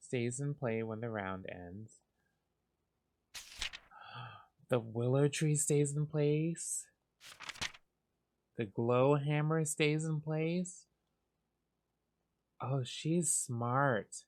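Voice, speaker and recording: A man giving calm, soft, unhurried commentary as he plays a cozy game for sleepy listeners. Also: medium pitch, a little hiss or hum. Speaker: gaming channel host.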